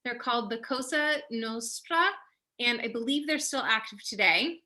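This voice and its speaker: A woman's voice: fairly high pitch, animated, normal speed, bright, forceful tone. A young woman casually hosting an online wine tasting over a video call, chatty and upbeat with lots of fillers.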